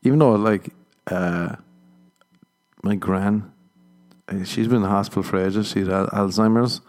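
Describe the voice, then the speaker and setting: A young man hosting a podcast, chatting casually and laughing often as he tells stories. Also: a little mellow. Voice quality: low, gravelly, laughs often. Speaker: podcast host. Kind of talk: casual chat.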